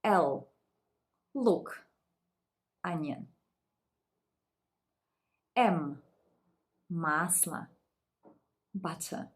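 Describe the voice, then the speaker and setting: A woman teaching a beginners' language lesson, reading each word and its translation slowly and repeating it. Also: fairly low pitch. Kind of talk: slow, deliberate lesson reading words aloud.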